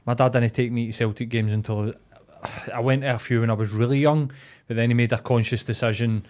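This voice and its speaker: A Scottish man chatting casually as a podcast co-host, telling animated stories, quoting people and swearing. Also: mid-range voice, quick pace. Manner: animated storyteller, swears, quotes others. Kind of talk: casual chat.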